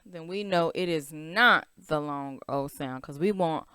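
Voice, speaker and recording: A woman's voice: sits low, sharp tone, clear, resonant tone, dry recording. Woman teacher, children's reading lesson, stretched-out vowels, lots of questions, dry close sound. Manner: slow, drawn-out vowel sounds, asking questions.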